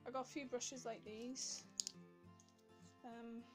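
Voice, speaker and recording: Giggly high-voiced Welsh woman vlogging. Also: level tone, takes it slowly, music in the background. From Wales. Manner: chatty and giggly, rambling with fillers. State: a little out of breath. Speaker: beauty vlogger. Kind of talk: casual chat to camera.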